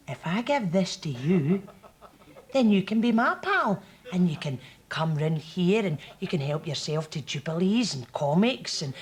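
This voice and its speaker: An actress with a Scottish accent playing a creepy woman who sweet-talks a little girl in a wheedling, drawn-out voice. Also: lowish voice, natural voice. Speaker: sketch comedy actor. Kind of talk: TV sketch comedy acting.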